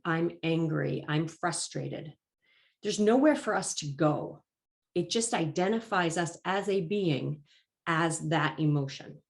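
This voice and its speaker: A woman giving a talk as a life coach, calm and encouraging, slightly congested from allergies and clearing her throat now and then. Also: on the low side. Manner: calm, encouraging and measured, stressing key phrases. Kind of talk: presented talk.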